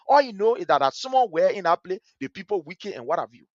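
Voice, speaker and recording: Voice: medium pitch, sing-song, fast, no room sound, highs cut off. A host with a Liberian accent who comments angrily and passionately on a video during a livestream. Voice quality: passionate, emphatic, repetitive. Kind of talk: angry live commentary over a video.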